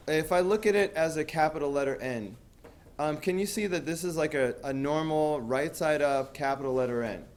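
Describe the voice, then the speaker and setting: A man's voice: a little high, moderate pace, a little hiss or hum. A man teaching a math class, talking casually with lots of fillers and asking students questions. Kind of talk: classroom lecture.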